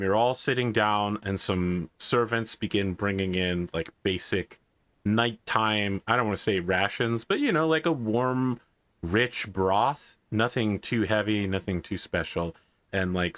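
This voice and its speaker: A man runs a tabletop campaign, describing scenes in a loose, relaxed way. He talks slowly and leans on casual fillers. The sound is dry, with no room around it. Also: on the low side, dry recording. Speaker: game master. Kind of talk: narrating a tabletop game.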